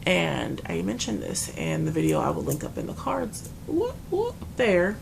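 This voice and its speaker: Low gravelly-voiced woman telling a story. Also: moderate pace, background noise. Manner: animated retelling, acts out dialogue. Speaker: vlogger and lab tech telling a work story. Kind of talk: casual storytime.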